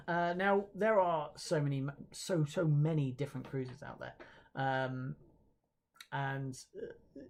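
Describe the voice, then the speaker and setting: With a touch of vocal fry and a slightly mellow quality, this mid-pitched awards presenter rambles through a livestream, frequently pausing to fix what they just said. Viewer comments get read between announcements, all delivered in a chatty, hesitant, self-mocking way with plenty of fillers.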